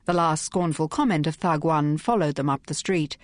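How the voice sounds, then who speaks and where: Woman audiobook narrator, lower voice, brisk and wry, dry studio sound. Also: no room sound. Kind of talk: scripted narration.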